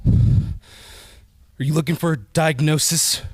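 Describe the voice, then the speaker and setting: A man's voice: on the high side, steady tone, slow pace, dry recording, clean studio sound. A man cutting an in-character wrestling promo, theatrical and mock-clinical, over-enunciating his words.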